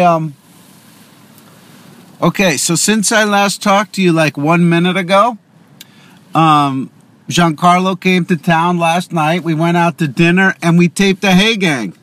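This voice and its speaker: Chatty man rambling from his car. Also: fairly high pitch. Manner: chatty, digressive, self-interrupting. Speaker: podcast host. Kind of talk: casual rambling monologue.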